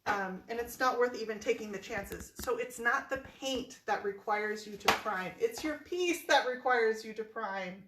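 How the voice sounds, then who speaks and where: A woman's voice: a little high, echoey room, noisy background. A woman hosting a casual furniture painting tutorial in her home workspace, chatty and playful, repeating her key tips.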